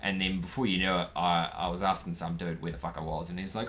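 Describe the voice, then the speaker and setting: Low-voiced New man telling a story. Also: fast, a little hiss or hum. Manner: rambling, profane, animated. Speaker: vlogger. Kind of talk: casual storytelling.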